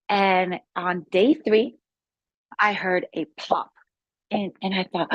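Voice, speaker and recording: Excited woman telling her story. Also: on the low side, moderate pace, no echo, muffled recording. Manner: excited, rambling storytelling with restarts. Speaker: guest sharing a healing testimony; yoga instructor. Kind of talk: casual spoken testimony.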